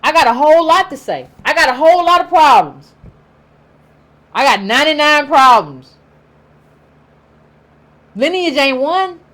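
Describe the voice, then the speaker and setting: A political commentator vlogger with an African American accent delivers an emphatic opinion monologue, repeating her points and acting out imagined quotes. Her voice sits high and fairly bright, with lively intonation, a slightly slow pace and long pauses.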